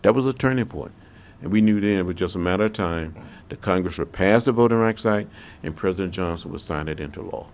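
An older man speaks in a low, gravelly voice. He tells his story slowly and deliberately, circling back through repeated phrases. He answers as a congressman in an oral history interview. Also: a little mellow, slight background noise.

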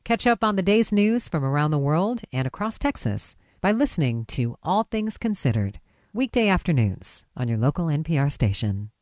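A woman's voice: low-pitched, very animated, moderate pace, darkish tone, no echo, studio quality. A woman announcing a radio program promo in a polished read. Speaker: station announcer.

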